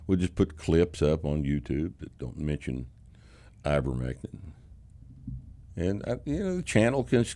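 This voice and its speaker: An older man hosting a casual talk show, rambling and getting worked up, with frequent fillers. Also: very deep voice. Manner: rambling, animated about politics, trails off with fillers. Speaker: podcast host. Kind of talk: casual chat.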